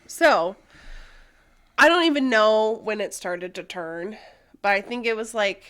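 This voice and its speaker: A woman's voice: mid-range voice, measured pace, a bit bright. A young woman co-hosting a podcast, candidly telling a personal story, swearing freely and using many fillers. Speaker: podcast co-host.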